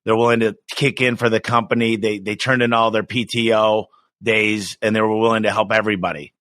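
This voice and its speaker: A middle-aged man talking in a casual podcast interview, energetic and emphatic, often restarting his sentences. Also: on the low side, dry recording. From United States. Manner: energetic, emphatic, quick restarts, acts out quoted voices. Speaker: business owner guest.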